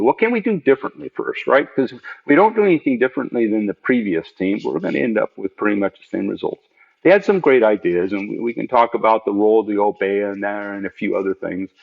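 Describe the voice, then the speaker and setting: A middle-aged man, a podcast guest, telling stories about his work in a lively, emphatic way, often tagging on "right?". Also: on the low side, vocal fry, lo-fi sound. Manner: animated, emphatic, many "right?" asides. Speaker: podcast guest, product leader. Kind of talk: conversational storytelling.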